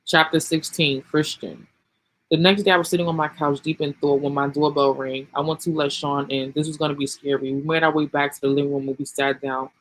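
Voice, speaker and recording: Flat-voiced man reading a book aloud. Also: a little high, fairly quick, low-quality recording. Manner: casual, sprinkled with um and you know. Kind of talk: casual book reading with commentary.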